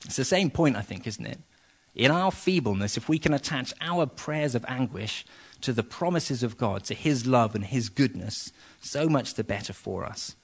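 A man's voice: mid-range voice, lively intonation, normal speed, husky. A man preaching an evening sermon, earnest and conversational, with sudden rises in emphasis and frequent fillers.

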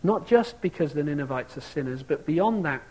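A man's voice: fairly high pitch, animated, normal speed, a little mellow, poor audio. A man preaching a sermon, reflective and asking his listeners rhetorical questions.

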